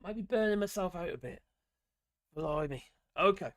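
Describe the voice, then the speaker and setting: A chatty man hosting a live stream, rambling from one thought to the next as he works through viewer messages. His voice sits a little on the high side and is wearing thin as he loses it, and the sound is close and dry with no room echo. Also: fairly quick. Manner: rambling, chatty, reads chat messages aloud. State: losing his voice. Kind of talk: casual live-stream chat.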